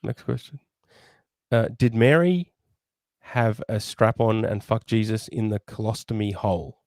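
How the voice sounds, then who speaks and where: A man co-hosting a podcast, reading out questions in casual banter with a deadpan manner and chuckles. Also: lowish voice, unhurried, dry recording. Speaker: podcast co-host.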